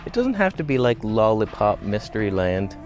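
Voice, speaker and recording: A man's voice: fairly low pitch, sing-song, normal speed, faint music behind. A man talking to camera outdoors about health in a casual, joking vlog, with self-mocking asides. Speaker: vlogger. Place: outdoors, walking by a road.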